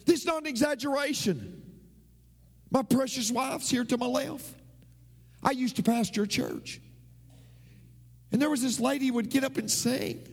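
A man preaching a sermon as a pastor, emphatic and repetitive, his voice swooping up and down. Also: very high-pitched. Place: church. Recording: long reverb of a church hall.

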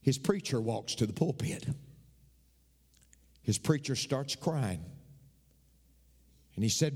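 Animated preacher man in a big hall. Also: medium pitch, takes it slowly, long pauses, breathy edge. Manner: animated preaching that swings from hushed storytelling to near-shouting. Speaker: pastor. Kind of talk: sermon. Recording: long hall reverb.

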